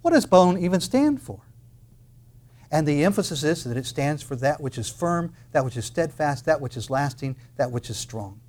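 Impassioned preacher, man with higher voice. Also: big pitch swings, normal speed. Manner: impassioned, swings from loud proclamation to quiet intensity; quotes and explains scripture, asks rhetorical questions. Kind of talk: expository sermon.

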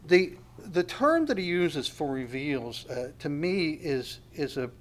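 Reflective male preacher with a higher voice. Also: very animated, slow pace. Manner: reflective, asks the listeners rhetorical questions. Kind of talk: conversational sermon.

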